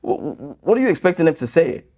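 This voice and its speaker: Mellow-voiced guy ranting back at comments, sarcastic, exasperated, pitch jumping around. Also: big pitch swings, quick pace. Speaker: YouTube host reacting to comments. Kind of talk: casual commentary reading comments.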